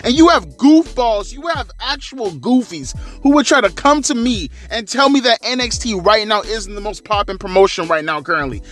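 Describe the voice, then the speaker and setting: A man's voice: sits high, normal speed, few pauses, faint music behind. A man in his thirties giving a casual, profane, slangy rant as a wrestling commentary vlogger. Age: 30s. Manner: slangy, animated, crude.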